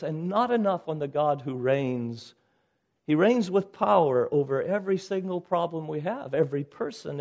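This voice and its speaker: High-voiced preaching pastor, man. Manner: urgent preaching, swinging from loud exhortation to hushed lines. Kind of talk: sermon.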